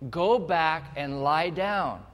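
A man's voice: on the high side, lively intonation, takes it slowly, a bit bright, long reverb tail. A man voicing the old priest Eli as a patient, fatherly mentor in a sermon retelling.

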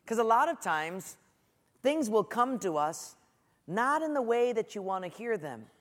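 Middle-aged male preacher, animated storyteller, high voice, echoey hall. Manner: storytelling, animated, acts out quotes. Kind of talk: sermon.

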